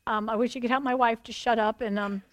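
A woman's voice: on the high side, fairly even intonation, fast, a little hiss or hum, close to an everyday voice. A woman voicing a self-absorbed married man who prays in a rambling, distracted way.

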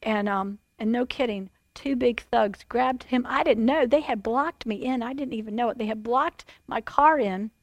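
A middle-aged woman pastor telling a personal testimony in a sermon, animated and full of fillers. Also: on the high side, moderate pace, few pauses, no echo.

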